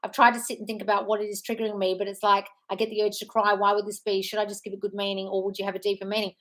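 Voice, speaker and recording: A brisk woman in her thirties hosting a casual live stream. She reads viewer questions aloud and answers each one with quick, frank reassurance. Her pitch sits in the middle of the usual range, and she keeps calling people "darling". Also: level tone, fairly bright tone. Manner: frank and breezy, calls listeners "darling". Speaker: manifestation coach hosting a live Q&A.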